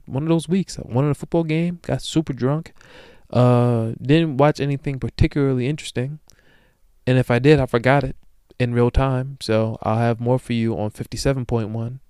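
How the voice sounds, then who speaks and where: Brief: young male podcast host, smooth clear voice, dry close sound, profane joking slang rant. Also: a little fast, no echo. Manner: swings between loud bursts and low mutters. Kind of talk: solo podcast monologue.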